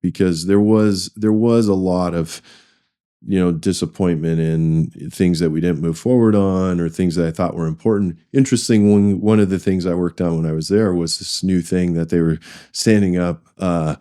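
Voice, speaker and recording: This middle-aged finance executive has a low, warm, clean voice with a steady tone and moderate pace. He tells career stories conversationally in an interview, meandering with restarts and voicing the dialogue he quotes.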